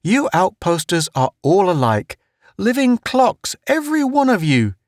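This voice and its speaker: A man's voice: high-pitched, huge pitch swings, a little slow, dry recording, studio quality, pitched above the performer's own voice, heavily acted. A man reading an audiobook, voicing a cheerful, teasing male officer who giggles and jokes. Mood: jovial.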